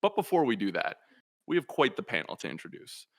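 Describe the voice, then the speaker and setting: A man's voice: mid-range voice, big pitch swings, fairly quick. A man hosting a casual video game podcast in an easygoing, lightly joking way. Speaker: podcast host.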